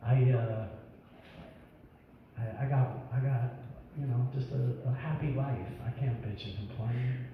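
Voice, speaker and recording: A man's voice: medium pitch, fairly even intonation, measured pace, vocal fry, pauses often, narrow, tinny audio. Guy doing dirty stand-up at a bar, big echo, sounds far off and noisy. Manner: crude, profane storytelling. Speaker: stand-up comedian. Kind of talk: stand-up set. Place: comedy bar stage. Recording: echoey club room, mic heard from far, noisy.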